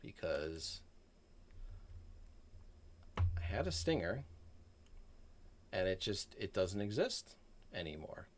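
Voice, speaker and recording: A man's voice: low voice, sing-song, slow, pauses often, a little hiss or hum. Chatty man telling a sheepish story. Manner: rambling, self-deprecating storytelling with acted-out quotes; drops to a soft murmur when talking to a child. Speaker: livestream gaming host. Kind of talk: casual chat to stream viewers. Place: home room.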